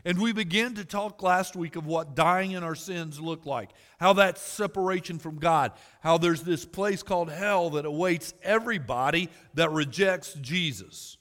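A man's voice: a little high, a little slow, few pauses, a bit bright, in a large hall. A man preaching a sermon as pastor, earnest, building emphasis and joking asides to the congregation.

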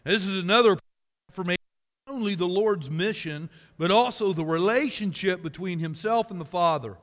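Pastor, male, high bright voice, folksy and emphatic, big church reverb. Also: moderate pace. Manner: folksy storytelling preacher, rises to loud emphasis. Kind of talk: sermon. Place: church sanctuary. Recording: reverberant hall.

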